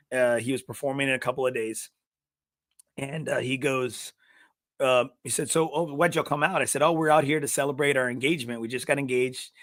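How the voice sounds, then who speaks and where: A man hosting a golf podcast, telling stories in casual chat, swearing freely and bursting into shouts. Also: medium pitch, no room sound, clean studio sound. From South Texas. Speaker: podcast host. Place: podcast studio.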